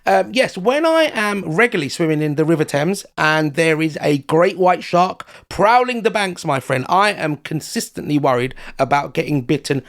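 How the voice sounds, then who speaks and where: An Englishman calling in from his London flat as a comic guest correspondent, telling jokes in a mock-serious way. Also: fairly high pitch, normal speed, few pauses. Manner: mock-serious, joking storyteller. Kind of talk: comic call-in banter.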